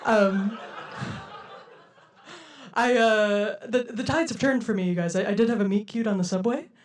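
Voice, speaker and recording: A woman's voice: mid-range voice, moderate pace, far from the mic. A young woman performing a stand-up comedy set for a live audience, with a playful, giggly delivery and frequent laughs.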